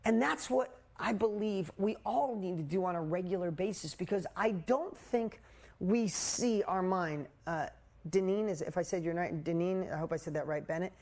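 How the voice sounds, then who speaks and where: A man in his forties, a coach hosting a live group call, telling a personal story in a candid, animated way with casual swearing. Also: high voice, normal speed, vocal fry. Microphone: video call.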